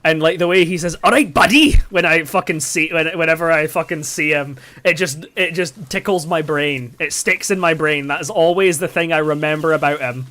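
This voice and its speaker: A man's voice: on the high side, fairly even intonation, normal speed, few pauses, bright, forceful tone. Rambling young man, casual storytelling. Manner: rambling, filler-heavy, swears a lot. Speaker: game streamer. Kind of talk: casual storytelling while gaming.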